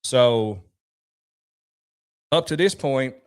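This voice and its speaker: A man, speaking at a middle pitch, shares a personal story in a reflective, halting way. He circles back on his words and restarts often as he remembers. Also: clean tone. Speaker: vlogger.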